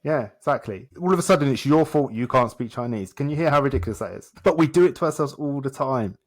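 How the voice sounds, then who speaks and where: This man talks quickly and animatedly at a medium pitch. He's a self-development coach and podcast guest, telling stories with energy and voicing dialogue in brief repeated phrases.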